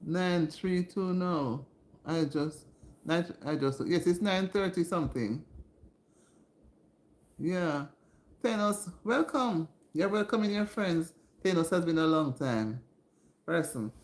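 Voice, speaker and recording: A woman hosting a casual home livestream, chatting warmly and greeting her viewers by name. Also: fairly low pitch, expressive, slow pace, pauses often, echoey room. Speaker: livestream host. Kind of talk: casual live-stream chat with viewers. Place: indoors at home.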